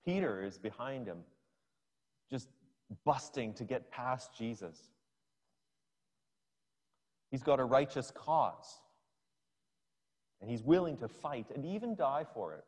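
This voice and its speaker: A man's voice: mid-range voice, expressive, slow pace, long pauses, darkish tone, slightly rough. A male preacher giving a sermon, retelling a scripture scene as a story for his listeners. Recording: long hall reverb.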